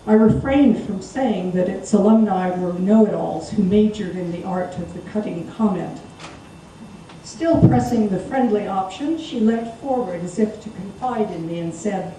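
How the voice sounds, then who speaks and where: A woman performing a wry, expressive story reading live in a theatre. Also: mid-range voice, normal speed, slight background noise. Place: theatre stage. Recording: echoey live stage, distant mic.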